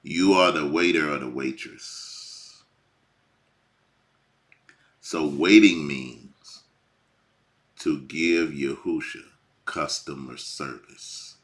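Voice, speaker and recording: A man preaching informally, swinging from hushed lines to near shouting. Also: rumbling low, very slow, pauses often. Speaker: bible teacher.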